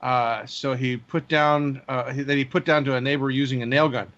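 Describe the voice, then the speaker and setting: A man hosting a drone news segment, reading stories in a measured way with frequent fillers. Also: medium pitch, steady tone, fairly bright tone, dull audio. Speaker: news host.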